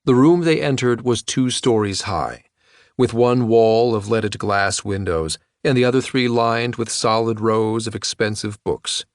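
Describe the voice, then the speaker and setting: A man narrating an audiobook in a measured, even-toned reading voice. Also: lowish voice, dry recording, clean studio sound. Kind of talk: scripted narration.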